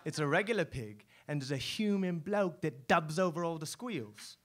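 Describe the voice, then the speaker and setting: A man's voice: on the high side, expressive, moderate pace, natural voice. A man voicing a chatty male lizard mascot, in a rambling, self-mocking spoken word performance on a club stage. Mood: cheeky. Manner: breezy, rambling, self-mocking, full of fillers. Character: chatty male lizard mascot, showbiz-proud, secretly lonely. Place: live stage at a poetry club.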